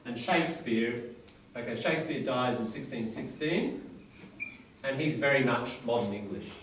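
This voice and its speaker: A man's voice: mid-range voice, normal speed, background noise. A man lecturing to a class, speaking in short, broken phrases and checking in with his listeners as he goes. He sounds far from the microphone, and his voice bounces around a very echoey room. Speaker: English teacher. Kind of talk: classroom lecture with reading aloud.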